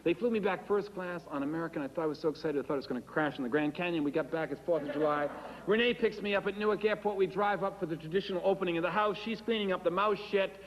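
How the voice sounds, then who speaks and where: A man's voice: sits high, fast talker, in a large hall, lo-fi sound, a little hiss or hum. A man performing a wry, self-deprecating storytelling monologue and acting out the dialogue himself.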